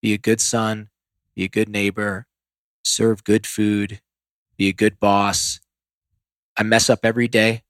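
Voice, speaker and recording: A man's voice: on the low side, little pitch movement, measured pace, pauses often, fairly bright tone, dry recording. A man who is a podcast guest, telling candid stories in a rambling, self-deprecating way with many restarts. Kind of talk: candid storytelling.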